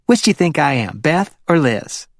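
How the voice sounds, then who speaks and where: A man's voice: sing-song, normal speed, no echo, studio quality. A man voicing a playful, flirty wealthy woman in her fifties with a Hollywood Southern accent, chatty and teasing. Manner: teasing and chatty, sliding up into a higher voice.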